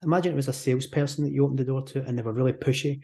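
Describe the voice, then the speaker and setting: Scottish guy explaining stuff fast on a podcast, dark mellow tone, jumps into little example voices. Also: mid-range voice, steady tone, vocal fry. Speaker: hypnotherapist guest.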